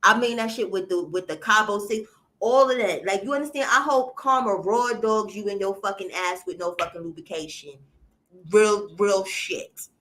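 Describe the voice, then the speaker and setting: A woman's voice: mid-range voice, animated, fairly quick, bright, forceful tone. Blunt, profane woman streamer. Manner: blunt and profane, talks directly to viewers; indignant ranting. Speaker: livestream host. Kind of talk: casual reaction commentary.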